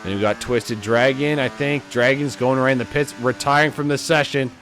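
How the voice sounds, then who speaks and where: A man giving live commentary on a sim race, a bit tipsy, swinging from low mutters to loud excited calls. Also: moderate pace, a little hiss or hum.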